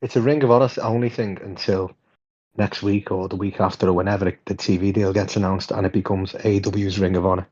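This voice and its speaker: A man co-hosting a podcast in casual chat, an animated storyteller with a voice worn hoarse. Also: fast. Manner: animated storyteller, jumps high in pitch. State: hoarse, hungover. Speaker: podcast co-host. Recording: dull lo-fi sound.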